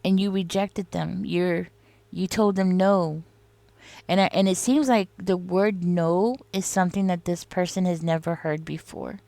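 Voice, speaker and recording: A woman with a fairly low, gravelly, warm voice gives a casual tarot reading, unhurried and fairly even in intonation. She rambles and confides, talking straight to the listener and peppering her speech with "you know" and "like." There's no room sound.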